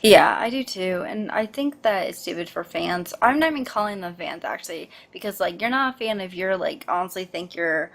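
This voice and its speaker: A woman's voice: lowish voice, expressive, a little fast, creaky, hardly any pauses, a bit bright. Chatty young woman rambling casually. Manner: rambling, chatty, many fillers and restarts. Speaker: co-host of a pop news chat show. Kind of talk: casual chat.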